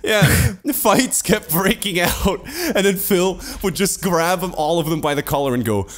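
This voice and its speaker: A man's voice: high voice, normal speed. A man, podcast co-host, telling a rambling story in casual chat, swearing and laughing often.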